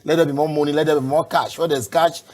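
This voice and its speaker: Fast-talking football reporter. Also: male voice, fairly high pitch, fairly even intonation. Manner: eager, quick-talking.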